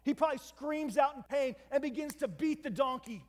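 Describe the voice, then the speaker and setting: A man's voice: extremely high pitch, brisk. A man preaching a storytelling sermon, retelling a scripture story dramatically with asides to his listeners. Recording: long hall reverb.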